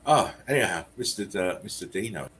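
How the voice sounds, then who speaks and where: Man host giggling through memes, bright-voiced. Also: fairly low pitch, animated, normal speed, a little hiss or hum. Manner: laughs heavily, giggling to tears. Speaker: channel host. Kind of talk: casual chat reading memes.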